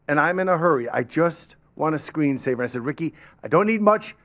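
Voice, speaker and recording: A man's voice: a little high, a little fast, hardly any pauses. A man telling a story as a guest speaker to a club audience, acting out the voices of the people he quotes. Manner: animated, acts out quoted voices. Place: meeting hall with an audience. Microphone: podium microphone.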